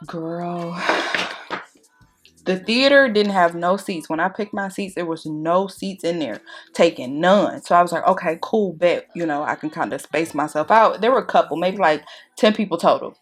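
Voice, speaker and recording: A woman's voice: fairly low pitch, normal speed. Chatty young woman telling a storytime. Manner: animated storytelling, acting out quotes with shouts. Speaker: beauty vlogger. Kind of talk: casual storytime chat while doing makeup.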